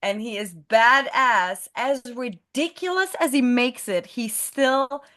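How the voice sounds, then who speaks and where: Higher-voiced woman gushing about a film. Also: animated, fairly bright tone. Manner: enthusiastic, quick to agree. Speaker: podcast co-host. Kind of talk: casual film review chat. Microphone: video call.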